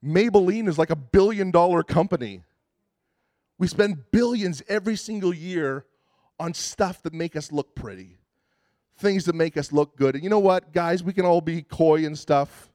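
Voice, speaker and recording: Man, pastor, sermon, casual and joking, restarts a lot, a bit high-pitched, dry close sound. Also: darkish tone, no echo. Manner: conversational and self-deprecating, with frequent restarts.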